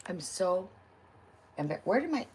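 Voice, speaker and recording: A woman hosting a casual cooking livestream, greeting viewers and telling stories in an animated way. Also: fairly low pitch, a little slow, noisy background. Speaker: livestream host. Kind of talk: casual chat while cooking.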